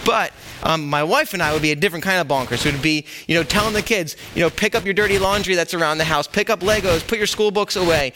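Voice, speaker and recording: A man's voice: fairly high pitch, noisy background. Joking, conversational male preacher. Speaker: pastor. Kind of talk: sermon.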